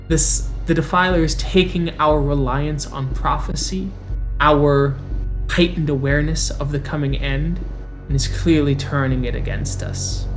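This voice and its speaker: A player speaking as a cautious werewolf elder who reasons aloud and keeps posing questions to the council. The voice sits at a middle pitch, with faint music in the background. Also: natural voice. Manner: measured, persuasive, rhetorical questions. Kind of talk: in-character roleplay speech.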